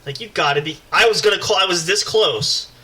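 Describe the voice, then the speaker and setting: A man co-hosting a podcast, telling a story in an animated, rambling way, with swearing and constant restarts. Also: high-pitched, fairly quick, low-quality recording. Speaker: podcast co-host. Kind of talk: casual podcast banter.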